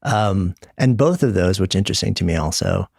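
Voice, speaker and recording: A man's voice: sits low, animated, moderate pace, gravelly, darkish tone, no echo, studio quality. A young man talking casually as a guest, thinking aloud with lots of "like". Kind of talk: casual conversation.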